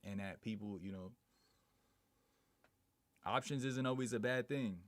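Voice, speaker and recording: A man with a mid-range voice speaks at a measured pace in a dry recording. He's live streaming in a laid-back, slangy way, reading viewer comments aloud and chatting back to them.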